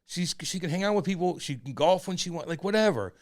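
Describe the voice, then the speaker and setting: A man in his forties co-hosting a podcast, telling a personal story in a rambling, profane way that turns loud and heated. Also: high-pitched, lively intonation, fast talker. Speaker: podcast co-host. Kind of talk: candid casual chat.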